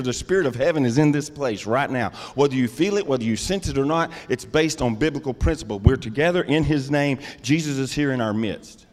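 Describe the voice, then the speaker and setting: A middle-aged man preaching a sermon, calling out to the congregation and rising into loud, emphatic bursts. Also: mid-range voice, in a large hall. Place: church sanctuary.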